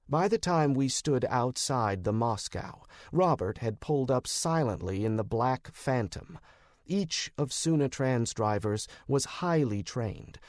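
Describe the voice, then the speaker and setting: A man's voice: mid-range voice, a little mellow, dry recording, clean studio sound. A man reading a first-person audiobook in a wry, sardonic narrating manner.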